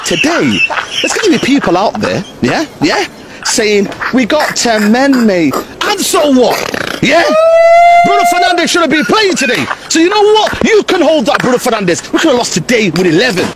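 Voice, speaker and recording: A man rants outdoors as a fed-up football fan, piling up slang in exasperated bursts. His voice sits very high and swoops up and down a lot. Clear background noise runs under him. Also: sing-song, moderate pace. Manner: exasperated, slang-heavy ranting. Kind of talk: ranting fan video. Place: outdoors in the rain.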